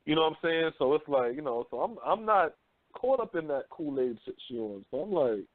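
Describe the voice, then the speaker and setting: Man, thirties, radio host, raised pitch, dry phone-line audio, casual and animated. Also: a little fast, dry recording. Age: 30s. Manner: loose, profane, animated storytelling. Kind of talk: casual talk radio chat.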